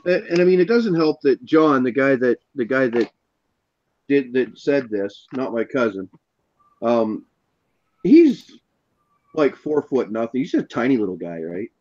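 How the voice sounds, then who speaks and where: Casual male storyteller, chuckling, animated, on a muffled lo-fi recording. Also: mid-range voice, unhurried, long pauses. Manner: animated anecdote teller, chuckling. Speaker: podcast host. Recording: dull lo-fi audio.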